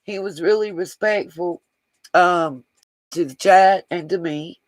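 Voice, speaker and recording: Speaking slowly in a mid-range voice, the livestream host reads comments aloud and chats with viewers directly, rambling in a warm, easygoing way. The sound has no echo but is rough.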